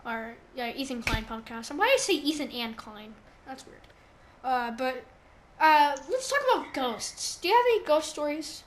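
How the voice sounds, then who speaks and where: A teenage girl hosts a casual podcast, rambling and stacking up fillers. Her voice sits high, with a light hiss of room noise behind it. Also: lively intonation, normal speed. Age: teens. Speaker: podcast host. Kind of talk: casual chat.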